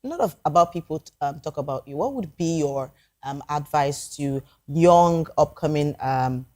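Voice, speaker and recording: A woman's voice: sits low, lively intonation, normal speed, dark tone. A woman co-hosting a casual talk show, asking questions hesitantly with many ums. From Nigeria.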